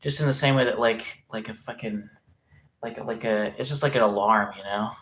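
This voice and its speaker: A man's voice: lowish voice, moderate pace, fairly bright tone, slight background noise. Rambling young man chatting on stream. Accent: regional dialect, place unstated. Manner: rambling, filler-heavy, swears casually. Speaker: livestream host. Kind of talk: casual live-stream chat.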